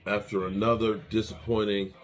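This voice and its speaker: A man's voice: fairly low pitch, level tone, moderate pace, soft background music. A man hosting a fan channel, delivering an angry, repetitive rant with swearing.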